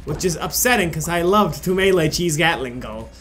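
A man commentating his own gameplay, frustrated and swearing, with sudden yelling outbursts. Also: fairly high pitch, lively intonation, normal speed. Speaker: gaming video creator. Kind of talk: casual let's play commentary. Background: game music.

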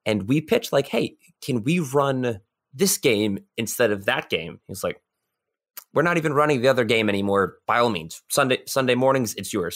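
A man's voice: medium pitch, a bit bright. Rambling young man from New York. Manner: rambling, many "like" fillers and restarts. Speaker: podcast guest. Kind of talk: casual chat.

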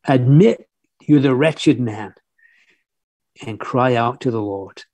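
A man's voice: mid-range voice, takes it slowly, a little mellow, no room sound. A man preaching a sermon, fervent and earnest, often restarting his phrases.

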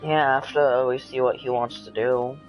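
A streamer chatting casually with friends during an online game, with a case of the hiccups and a playful, easily excited manner. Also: medium pitch, normal speed, soft background music, low-quality recording. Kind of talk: casual gaming chat.

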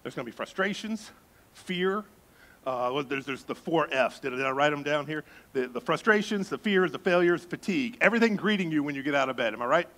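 A man preaching with a somewhat high voice. He is lively and conversational, drops joking asides and leans hard on key words as he delivers his sermon. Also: brisk. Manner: animated, joking asides with bursts of emphasis. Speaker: pastor.

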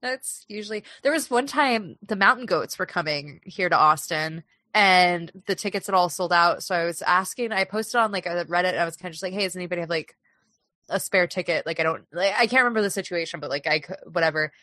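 A woman's voice: fairly low pitch, a little fast, bright, forceful tone, no room sound. Giggly, chatty woman podcast host. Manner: giggly, chatty, lots of fillers. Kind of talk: casual movie-review chat. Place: lives in Austin.

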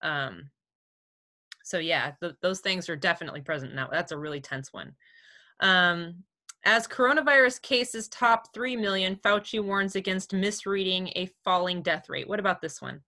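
Woman, teacher, lecture, bright voice, chatty, fillers, video call. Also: lowish voice, moderate pace. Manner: casual, laughs easily, many fillers. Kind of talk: online class lecture.

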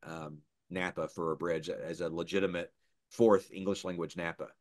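A middle-aged male voice actor chats in a casual interview, his voice sitting a little low. He tells stories with energy, popping into quick character voices. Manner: animated storyteller, slips into character voices. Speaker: voice actor guest.

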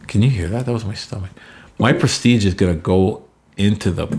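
A man with a deep, low-pitched voice talks through a sports management game at home. His delivery is loose and chatty, wandering into side stories between plays. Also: moderate pace, breathy edge. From Canada. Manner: chatty, rambling asides. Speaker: gameplay commentator. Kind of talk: casual gameplay commentary.

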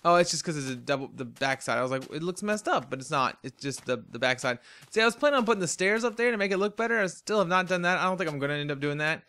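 A man's voice: on the high side, expressive, fast talker, bright, forceful tone, clear, resonant tone. A tired man hosting a game let's play, rambling chattily to himself in casual commentary as he plays. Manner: rambling, chatty, talks to himself while playing. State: tired and yawning.

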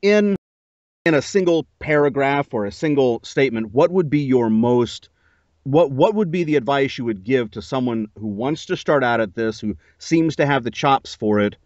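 A man's voice: medium pitch, expressive, normal speed, a little mellow, no echo. A man hosting a podcast who talks in an easygoing, conversational way and laughs often. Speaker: podcast host interviewing a narrator. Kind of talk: casual chat. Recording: dull lo-fi dry recording.

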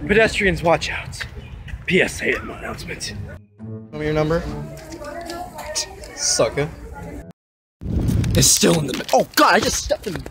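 A man vlogging casually while walking outdoors by a road, joking and teasing his friend, over loud background music. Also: a little high, very animated, measured pace, long pauses. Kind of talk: casual vlog chat.

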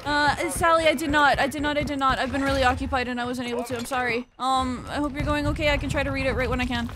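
A young adult woman streaming a shooter game, chatting with viewers, swearing freely and reacting loudly to tips. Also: high voice, fast talker, crowd noise. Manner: excitable, swears a lot, reacts loudly to donations. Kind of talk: live gaming stream chat and commentary. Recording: noisy home stream recording with keyboard clicks.

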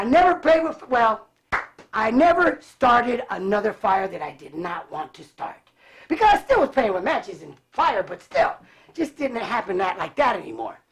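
A man from Cleveland who grew up in California, a guest telling animated stories with frequent laughter. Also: very high voice. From Cleveland, raised in California. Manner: animated, laughs often, acts out voices. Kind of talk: casual storytelling.

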